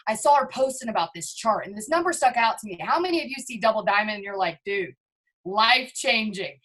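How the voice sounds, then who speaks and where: A young woman telling her network marketing story in an excited, bubbly, exclamatory way. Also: medium pitch, a little fast.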